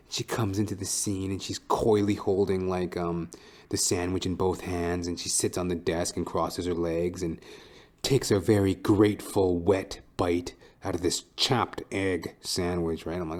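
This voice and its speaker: Guy doing a solo podcast, lowish voice, rambling and swearing, kinda thinking out loud. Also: moderate pace. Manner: rambling, profane, reflective. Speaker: podcast host. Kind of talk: casual solo podcast monologue.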